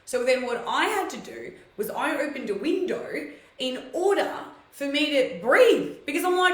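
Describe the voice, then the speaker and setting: A woman's voice: high voice, lively intonation, moderate pace, echoey room, poor audio. A woman hosting a live stream, telling personal stories in a casual, chatty way and greeting viewers by name.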